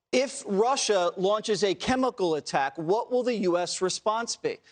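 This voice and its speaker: Male pundit, high pitch, sarcastic, mocking, tv studio panel. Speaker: panel co-host. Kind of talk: opinionated panel talk.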